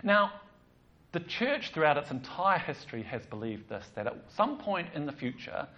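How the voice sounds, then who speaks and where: A man's voice: a little high, normal speed, muffled recording. A man preaching a casual, joking sermon as the church's pastor. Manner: chatty, joking, animated.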